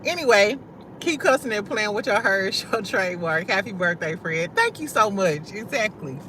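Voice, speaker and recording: A young woman from St. Louis hosting a casual livestream, talking loud and slangy, swearing freely and laughing often as she answers her chat. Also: mid-range voice, expressive, moderate pace, a little hiss or hum. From St. Louis, USA. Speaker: livestream host.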